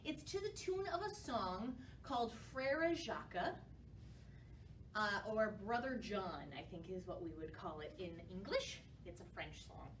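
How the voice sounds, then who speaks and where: A woman, a children's librarian, leading a storytime for young children with bright, encouraging talk. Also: medium pitch, sing-song, unhurried, roomy sound, recorded from a distance.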